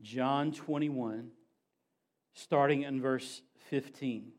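A man preaching a sermon as pastor, building to emphatic raised passages and dropping to quiet low asides. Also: fairly even intonation, drawn-out words.

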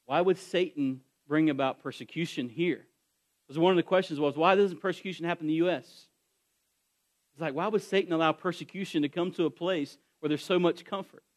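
A high-pitched male pastor delivers a sermon to his church. He retells a story, building in intensity, and often repeats and restarts his words as he goes. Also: steady tone, fast.

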